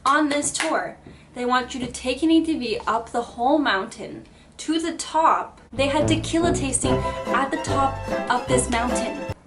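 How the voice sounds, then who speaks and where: A woman vlogger telling a dramatic story time, animated and salty with swearing. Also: high voice, moderate pace. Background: background music.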